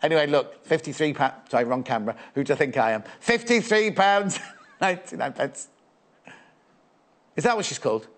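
A man's voice: a little high, lively intonation, brisk. A middle-aged man presenting on a live shopping channel, chatting playfully with many stumbling restarts. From England. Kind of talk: live TV sales chat.

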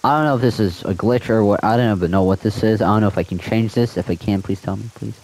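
A man's voice: fairly low pitch, fast talker, a little mellow, poor audio. A young man in a casual gaming vlog, ranting with frustration and repeating himself. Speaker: gaming video creator.

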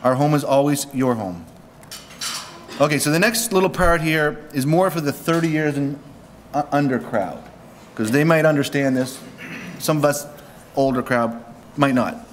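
A man's voice: on the high side, normal speed, long pauses, a little hiss or hum. A man from Canada giving a joking wedding speech at a reception, reading prepared lines with humor. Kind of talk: wedding toast.

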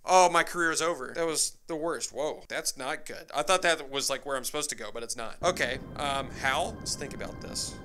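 A young man giving excitable gameplay commentary, mocking himself and shouting when surprised. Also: medium pitch, a little fast, few pauses, faint music behind. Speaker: gaming YouTuber.

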